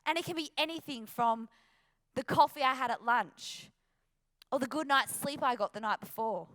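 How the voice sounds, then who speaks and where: Australian woman motivational speaker, emphatic and earnest, high-pitched. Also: moderate pace, a bit bright. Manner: earnest, emphatic, rhetorical questions. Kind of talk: motivational talk.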